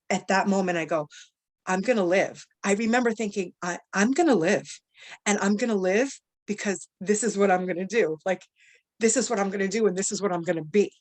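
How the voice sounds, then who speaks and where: A young adult woman telling her own story in a lively, rambling way, full of fillers, often acting out what people said. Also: mid-range voice. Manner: animated, many fillers, quotes people in dialogue. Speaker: cancer survivor guest. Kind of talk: personal storytelling.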